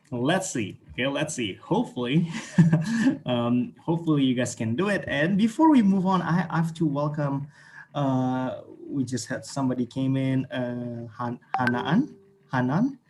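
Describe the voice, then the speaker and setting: A man from Indonesia, speaking with an Indonesian accent, teaches an online English class in a mid-range, lively, slightly mellow voice, a little slow, with some hiss or hum. He's encouraging, repeats words, and keeps checking in with "okay" and "right."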